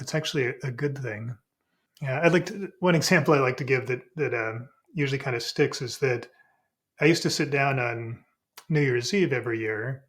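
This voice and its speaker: As a podcast guest, this man explains concepts from his work as a spiritual teacher in a relaxed chat, breaking into sudden high exclamations when he acts out inner voices.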